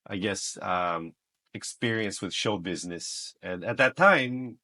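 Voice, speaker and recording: A man raised in the United States, telling stories as a guest on a podcast, joking and animated. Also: lowish voice, a little slow. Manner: animated, joking, mixes in Filipino phrases. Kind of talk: casual interview storytelling.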